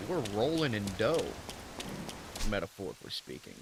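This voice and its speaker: A man's voice: fairly low pitch, wildly swooping pitch, normal speed, vocal fry, very noisy. A young man casually commenting on his gameplay as a streamer, joking and chatting. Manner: joking, chatty, mutters menu choices.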